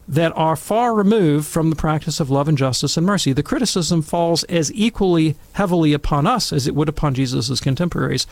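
A middle-aged man telling wry, animated stories and commenting on scripture in a casual talk. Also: fairly high pitch, no room sound. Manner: wry, animated anecdotes with acted quotes.

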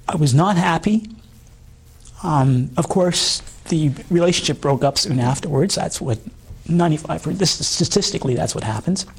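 A middle-aged man with a hoarse voice, giving an earnest personal testimony in an interview, halting with many fillers. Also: on the high side, expressive. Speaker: guest.

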